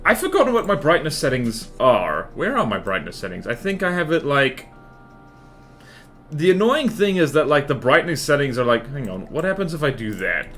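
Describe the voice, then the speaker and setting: A man's voice: a little high, big pitch swings, normal speed, a bit bright, faint music behind. A man chatting casually with his live-stream viewers while playing a game, rambling and laughing often as he answers chat.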